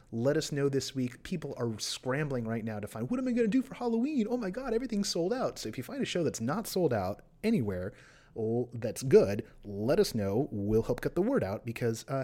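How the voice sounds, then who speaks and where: A man's voice: mid-range voice, warm tone. Playful man hosting a podcast. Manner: playful, self-mocking asides. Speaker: podcast host. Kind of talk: casual chat.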